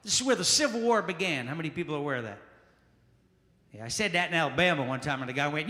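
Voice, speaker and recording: A man from Charleston doing a loud, punchy stand-up set and working the crowd in a small jazz club. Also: a little high, lively intonation, quick pace. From Charleston, South Carolina. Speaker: stand-up comedian. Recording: echoey club room with long reverb.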